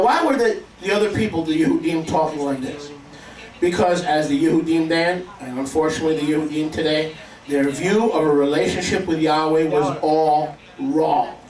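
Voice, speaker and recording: A man's voice: on the high side, slight background noise. A man preaching a sermon to a congregation, emphatic and calling for responses. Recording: echoey room, mic at a distance.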